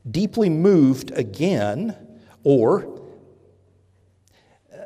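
A man preaching a sermon, earnest and deliberate, pausing often and correcting himself as he goes. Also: medium pitch, warm tone. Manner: earnest, with pauses and self-corrections. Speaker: pastor. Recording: reverberant hall.

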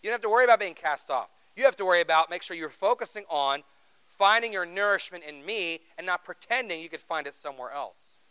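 Pastor guy preaching, smooth clear voice, talks to the crowd with questions. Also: high voice, lively intonation, brisk, bright, forceful tone, poor audio. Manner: earnest, conversational preaching with rhetorical questions. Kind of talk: sermon.

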